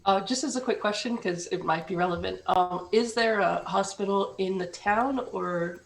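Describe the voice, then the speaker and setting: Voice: mid-range voice, normal speed, gravelly, echoey room, low-quality recording. A player in a tabletop role-playing game asking questions and describing actions, laughing often.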